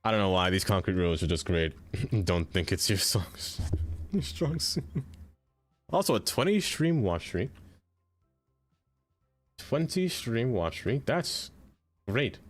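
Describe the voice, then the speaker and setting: A man streams himself playing a city builder, taking his time over each move. He chats to his viewers and mutters at the game when it will not cooperate. Soft music plays faintly in the background. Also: on the low side, sing-song, a little slow, pauses often. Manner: chatty, talks to the game and to chat. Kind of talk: live gameplay commentary.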